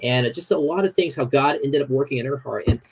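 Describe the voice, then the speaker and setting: A man who is a podcast guest tells stories in a casual, animated way, using many "you know" fillers. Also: mid-range voice, fast talker, husky, poor audio. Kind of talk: casual storytelling chat.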